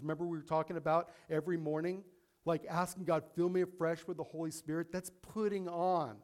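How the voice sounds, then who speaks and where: A man preaching a sermon as pastor, acting out pleas to God with rising intensity and slowing down to stress key points. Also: on the high side, fairly even intonation, darkish tone.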